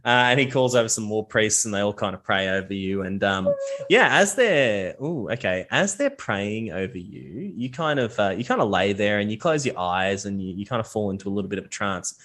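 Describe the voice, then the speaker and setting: This is a young man running a tabletop game. His voice sits a little low. He narrates in a loose, rambling way with many fillers. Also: expressive, fairly quick, few pauses, fairly bright tone. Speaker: game master.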